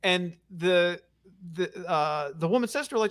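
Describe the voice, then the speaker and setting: A man's voice: high voice, moderate pace, smooth. A man hosting a casual sports talk show, telling stories with blunt opinions. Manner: animated storytelling, blunt opinions. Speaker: radio show host.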